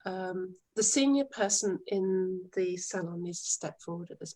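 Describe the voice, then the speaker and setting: A woman's voice: fairly low pitch, animated, unhurried, hardly any pauses, mellow, poor audio. A woman, an HR coach, giving firm, emphatic advice in an interview and acting out sample dialogue. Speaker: HR coach and guest. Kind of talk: interview over a call.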